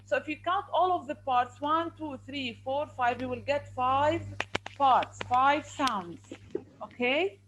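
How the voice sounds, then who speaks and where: A woman's voice: sits high, slow pace, lo-fi sound, background noise. A woman teacher, patiently explaining and counting syllables aloud in a classroom.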